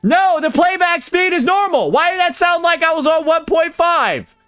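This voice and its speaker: A man's voice: extremely high pitch, lively intonation, normal speed, a bit bright, no echo, soft background music. A man making a blunt, profane gaming reaction video, incredulous and repeating "bro" constantly. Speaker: gaming YouTuber.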